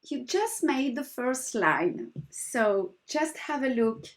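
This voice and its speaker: An embroidery teacher with a French accent guides viewers through a stitch step by step, speaking slightly broken English as a second language. Her high voice is very animated yet slow, and her manner is gentle and patient in this unhurried craft demonstration.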